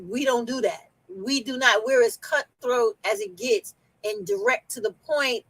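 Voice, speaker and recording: A woman with a New York accent hosts a casual conversation, speaking bluntly and directly and swearing without hesitation. Her voice sits a little high, and the recording is dry and close. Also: fairly bright tone, no echo, poor audio. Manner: blunt, outspoken, swears freely. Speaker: host. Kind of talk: casual chat.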